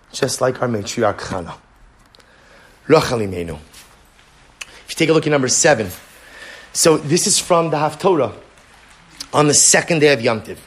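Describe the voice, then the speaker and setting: A man with a slightly high voice teaches a Torah class from a handout. He speaks earnestly and repeats his phrases, tossing in frequent "right?" asides. He reads verses aloud and translates them.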